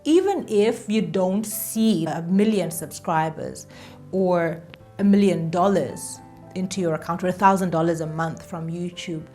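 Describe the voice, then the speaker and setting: Woman YouTuber, lowish voice, casual and chatty to camera, faint music bed. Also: lively intonation, unhurried, dark tone. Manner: chatty, self-deprecating, repeats herself for emphasis.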